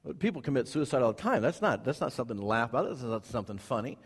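A male pastor preaching to his church, emphatic, repeating phrases, with sudden rises in pitch and volume. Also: big pitch swings, rapid-fire, breathy edge. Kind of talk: sermon. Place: church sanctuary. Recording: long hall reverb.

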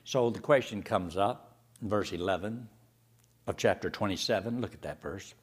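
A male preacher delivering a sermon, firing rhetorical questions and reading scripture slowly, swinging between loud emphasis and hushed tones. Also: on the low side, husky. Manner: reads scripture slowly and deliberately.

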